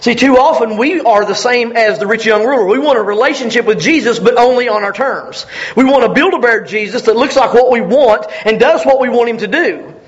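A man preaching a sermon as pastor, animated and joking, acting out little voices as he goes. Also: very high voice, a little fast. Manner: animated, jokes and acts out voices. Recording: echoey room, dull lo-fi sound.

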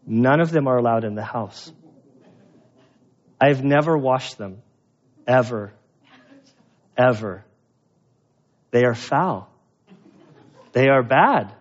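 A man's voice: mid-range voice, lively intonation, unhurried, long pauses, lo-fi sound. A man, a pastor, preaching a verse-by-verse sermon in a conversational, emphatic way with self-deprecating humor. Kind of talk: expository sermon.

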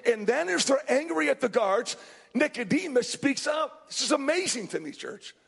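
A man preaching a sermon as pastor, fervent, swinging between hushed passages and shouted ones. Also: very high-pitched, sing-song, normal speed, creaky, breathy edge. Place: restaurant hosting a Sunday service. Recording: long reverb in a large room.

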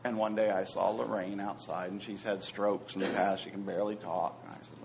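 A pastor preaching a sermon, swinging between hushed, near-whispered phrases and loud, emphatic repetitions. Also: male voice, sits low, flat delivery, a little fast, gravelly, noisy background. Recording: dull lo-fi sound with faint ambience.

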